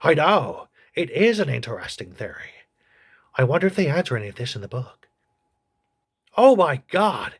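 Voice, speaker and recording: A man voicing a crude, gossipy old male politician who reviews a TV show in a comedy sketch, with a husky voice. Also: fairly high pitch, big pitch swings, normal speed, long pauses, exaggerated voice. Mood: snarky.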